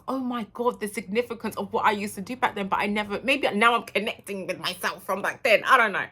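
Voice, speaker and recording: Bright-toned woman vlogger. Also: mid-range voice, fairly quick, few pauses. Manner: candid and emotional, animated storytelling. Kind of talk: reflective personal monologue.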